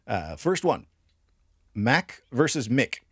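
A man with a mid-range, very animated, slow voice and a breathy edge co-hosts a casual history podcast. Profane and jokey, he laughs often while explaining, in a dry, studio-quality recording without room sound.

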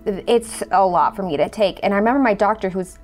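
A woman telling her own pregnancy story in a conversational way, animated when she quotes herself. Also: mid-range voice, fairly quick, soft background music. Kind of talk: personal storytelling.

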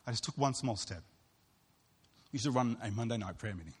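Husky-voiced man preaching in a reverberant hall. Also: mid-range voice, lively intonation, a little fast. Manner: earnest, storytelling, acts out voices of others. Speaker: pastor. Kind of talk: sermon.

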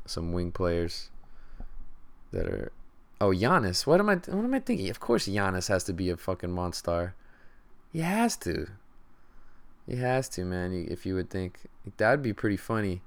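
Laid-back young man, smooth low voice. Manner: laid-back, slangy, thinks aloud with fillers. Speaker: podcast host. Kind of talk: casual sports podcast chat.

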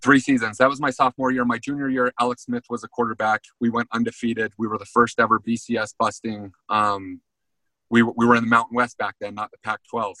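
A man's voice: fairly low pitch, no room sound, poor audio. A man, a former college football player, telling a story in a casual interview and often saying "man". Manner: animated storyteller, says "man" a lot.

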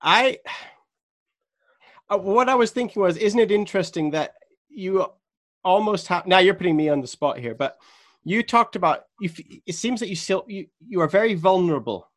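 A man's voice: high voice, expressive, moderate pace, fairly bright tone. A man interviewing a guest, attentive and thoughtful, often murmuring agreement. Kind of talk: interview conversation.

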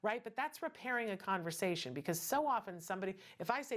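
A woman's voice: medium pitch, sing-song, quick pace, few pauses. A middle-aged woman hosting a casual talk show, chatty and emphatic with many asides and rhetorical questions. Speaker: podcast host.

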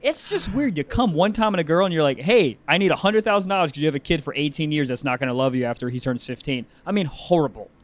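A young man co-hosting a podcast, chatting casually and crudely with a rambling, animated manner. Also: fairly high pitch, fast, hardly any pauses. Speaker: podcast co-host. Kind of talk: casual comedic chat.

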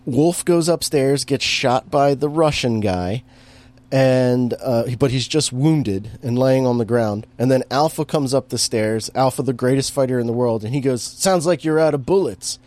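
A man's voice: mid-range voice, moderate pace, darkish tone. A man in casual chat, recapping a movie with lots of fillers and restarts and an amused tone. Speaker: podcast co-host recapping a movie.

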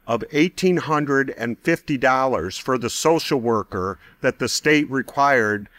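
An American man appears as a guest storyteller, sharing a personal testimony in an unhurried, medium-pitched voice. He's conversational and animated, acting out quoted voices, and the recording is dry with no room sound.

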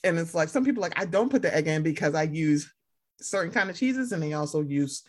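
A young woman co-hosting a casual chat, animated and swearing, acting out other people in loud high voices. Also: brisk. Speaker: podcast co-host.

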